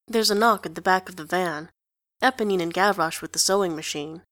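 A woman narrating a story in an even, conversational reading. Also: fairly low pitch, fairly quick, no echo, studio quality. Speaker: reader. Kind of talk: audiobook narration of fan fiction.

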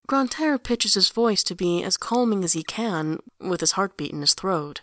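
A woman reading fan fiction aloud in an even, plain narrating voice. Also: mid-range voice, moderate pace, few pauses, no echo, studio quality. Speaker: audiobook reader.

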